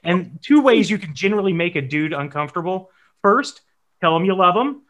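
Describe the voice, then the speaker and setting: Male podcast co-host, rambling and casual, voice a bit high. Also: expressive, brisk, a bit bright. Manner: rambling, many fillers and restarts.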